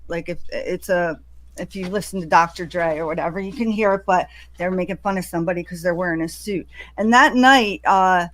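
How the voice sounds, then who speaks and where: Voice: medium pitch, brisk, fairly bright tone. A guest talking casually, peppering speech with "like" and "you know". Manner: talkative, many "like" fillers. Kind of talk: casual discussion.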